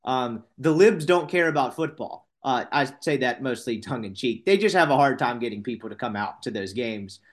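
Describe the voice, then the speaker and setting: A man's voice: mid-range voice, expressive, moderate pace, hardly any pauses. A man hosting a casual sports betting podcast, rambling and correcting himself with wry asides.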